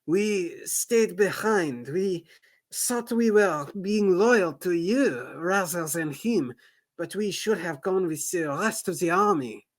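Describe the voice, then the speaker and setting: A man voicing an anxious young soldier, speaking in a halting, nervous way. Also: high-pitched, lively intonation, voice pushed up, exaggerated voice. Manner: nervous, halting, drawn-out delivery. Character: anxious young male soldier guarding a cave.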